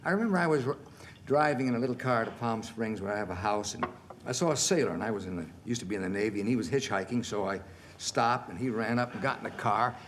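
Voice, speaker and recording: A man in his sixties, a guest on a television talk show, telling animated anecdotes and laughing through the punchlines. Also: on the low side, fast talker, slight background noise. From United States. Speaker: guest actor. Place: television studio.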